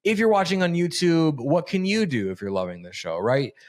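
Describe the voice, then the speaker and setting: A man's voice: on the high side, animated. Man, podcast host, casual, profane, enthusiastic. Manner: profane, hyped, rapid-fire questions. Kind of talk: casual podcast interview and outro.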